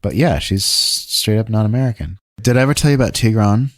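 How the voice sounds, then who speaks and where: A man's voice: on the low side, lively intonation, a little fast, dry recording, clean studio sound. A man telling rambling, profane, self-deprecating anecdotes in a casual conversation.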